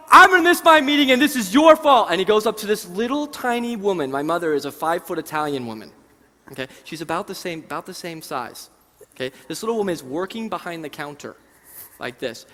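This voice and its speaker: Bright-voiced man telling stories on stage. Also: on the high side. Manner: animated, conversational storytelling to an audience. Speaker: seminar presenter. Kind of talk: live seminar storytelling. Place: large conference hall. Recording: reverberant conference hall.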